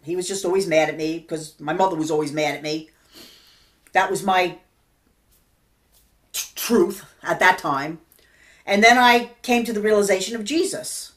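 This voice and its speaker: A woman's voice: fairly low pitch, moderate pace, pauses often. Earnest older woman minister. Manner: earnest, conversational, softens into quiet intimate tones. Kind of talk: personal testimony sermon.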